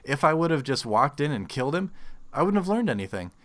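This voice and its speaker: A man's voice: on the high side, big pitch swings, fast, a bit bright. A man casting a replay of his own game, rambling with frequent restarts and groaning at his mistakes. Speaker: game caster. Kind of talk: self-deprecating replay commentary.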